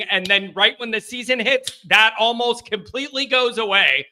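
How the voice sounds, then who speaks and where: Man, live sports stream host, high voice, very bright tone, rambling, joking. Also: expressive, normal speed, hardly any pauses. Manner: rambling, joking, teasing chat viewers. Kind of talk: casual live-stream chat. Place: home studio.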